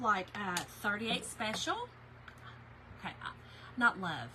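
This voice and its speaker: A woman's voice: fairly high pitch, expressive, unhurried, pauses often, pushed and bright, a little hiss or hum, poor audio. A woman chatting with viewers by name while she demonstrates a craft project on a livestream, with many fillers. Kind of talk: casual livestream craft tutorial.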